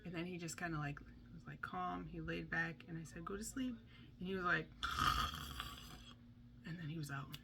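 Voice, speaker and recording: A young mother telling a storytime in a chatty, animated way, with a lowish but bright, forceful voice. She drops into lively impressions of the people she quotes. Faint room noise sits under her voice. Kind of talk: candid storytime vlog.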